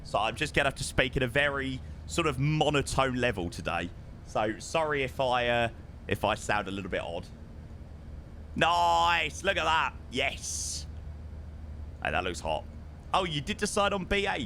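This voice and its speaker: Chatty streamer with a strained voice. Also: male voice, mid-range voice, very animated, moderate pace, bright, forceful tone, a little hiss or hum. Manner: chatty, addresses chat as mate. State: losing his voice. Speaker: flight sim streamer. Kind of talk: casual live stream chat.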